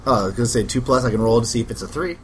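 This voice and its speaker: A man playing a tabletop game, talking excitedly, stammering and laughing often. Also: medium pitch, very fast, noisy background. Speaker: player. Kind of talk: casual tabletop play.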